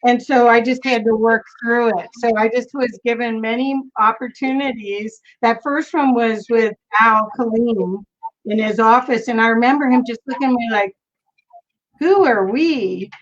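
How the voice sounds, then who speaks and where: A middle-aged woman hosting a casual interview chat, telling stories with animated laughter. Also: a little high, moderate pace. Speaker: host. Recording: dull lo-fi sound.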